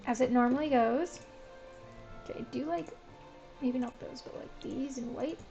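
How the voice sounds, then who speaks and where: High-voiced woman streamer, fry in her voice, rambles with lots of "like", faint music behind. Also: moderate pace, warm tone, highs cut off. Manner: chatty, says "like" often, self-described Valley Girl speech. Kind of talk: casual gameplay commentary.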